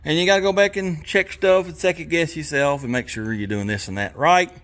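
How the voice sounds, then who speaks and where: A man's voice: a little high, a little fast, fairly bright tone. A man hosting a casual garage vlog, rambling in a folksy, self-deprecating way and a little out of breath. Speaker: garage channel host. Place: home garage.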